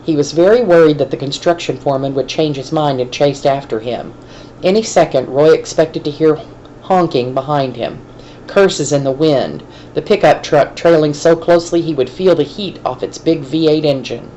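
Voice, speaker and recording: A woman teacher reading a chapter aloud to her class, her voice low and steady. The pacing is measured, with a faint hiss underneath. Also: poor audio. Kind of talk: classroom read-aloud of a novel.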